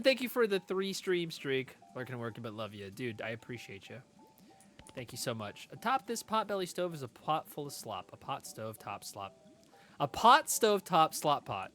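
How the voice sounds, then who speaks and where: A man streaming a video game, chatty and quick to laugh as he reads along and talks to chat. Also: medium pitch, fairly bright tone. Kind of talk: casual let's-play commentary.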